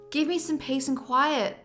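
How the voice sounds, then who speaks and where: A woman chatting casually on a livestream, animated and quick to laugh. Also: high voice. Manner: chatty, giggly, animated storyteller.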